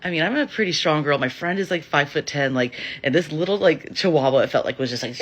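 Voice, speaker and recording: Woman, 30s, casual storytelling, animated, lively pitch, bright voice. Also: brisk, breathy edge.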